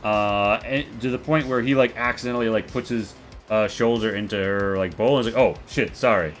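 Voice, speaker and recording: A man's voice: lowish voice, fairly even intonation, brisk, soft background music. A man narrating as game master for a tabletop role-play, in a loose, rambling way with many fillers.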